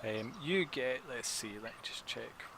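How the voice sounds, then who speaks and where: A man's voice: medium pitch, a little slow, vocal fry, bright, forceful tone, rough recording. A man running a tabletop game, narrating casually with lots of restarts and hesitations. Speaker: game master. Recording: room with people chatting.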